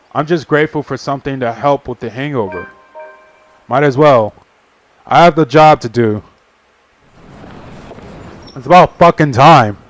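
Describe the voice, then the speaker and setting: A young man casually reading a visual novel aloud on a stream, with profane asides. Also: medium pitch. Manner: casual, swearing, laughing asides.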